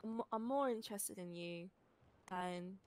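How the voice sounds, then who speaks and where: A woman's voice: mid-range voice, measured pace. A woman doing in-character game roleplay, talking hesitantly with frequent stammers and a teasing edge. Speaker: roleplay partner.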